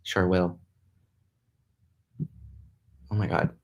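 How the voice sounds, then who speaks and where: A young man talks casually on a live stream. His voice sits a bit low, and his talk is loose, with lots of "like" and restarts. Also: flat delivery, fairly quick, a little mellow. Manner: loose and chatty, full of "like" and restarts. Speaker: livestreaming vlogger. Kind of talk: casual live-stream chat reading comments. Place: a friend's house, indoors.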